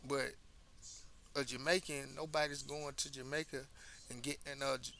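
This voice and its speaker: Speaking at medium pitch in a level tone and moderate pace, this American commentary host runs through a relaxed monologue, emphatic and prone to repeating words when he starts over. There's a creaky, gravelly edge to his bright, forward voice, and a light hiss runs beneath the recording.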